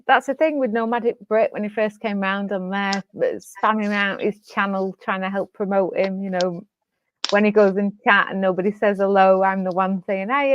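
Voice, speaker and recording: A woman's voice: mid-range voice, slight background noise. A woman chatting casually, blunt and sweary, laughing often. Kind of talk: casual chat. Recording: dull dry recording.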